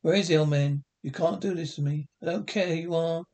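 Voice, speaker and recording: A man's voice: a little high, steady tone, fairly quick, darkish tone, natural voice. An actor from New York playing a bewildered, defiant captive man who talks in an urgent, demanding way in a TV drama. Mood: angry, insistent. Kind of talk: TV drama acting.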